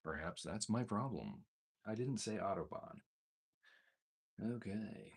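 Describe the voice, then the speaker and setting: A man's voice: lowish voice, sing-song, slow pace, gravelly, long pauses, husky. A man casually testing a guitar effects pedal, muttering to himself as he fiddles and making mildly exasperated asides. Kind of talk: casual gear demo, thinking aloud.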